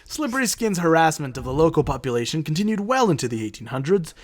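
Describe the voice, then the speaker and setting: A man with a fairly high voice and lively pitch, reading odd old accounts aloud on a casual podcast. He trips over hard words and curses with a laugh. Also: fast talker. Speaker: podcast host.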